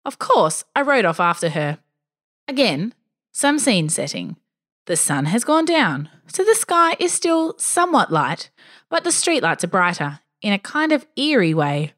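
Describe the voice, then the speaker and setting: A woman reading a first-person story aloud, wry and expressive. Her voice rises and falls widely as she tells it, landing the dry asides with a light touch. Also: mid-range voice, a little slow. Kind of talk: scripted story narration.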